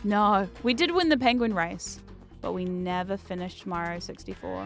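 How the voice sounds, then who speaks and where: A woman's voice: mid-range voice, moderate pace, creaky, faint music behind. A young woman, British by birth, chatting and swearing through a game stream as a VTuber host. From Britain. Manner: chatty, swears, bursts of frustrated shouting. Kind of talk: casual gameplay commentary.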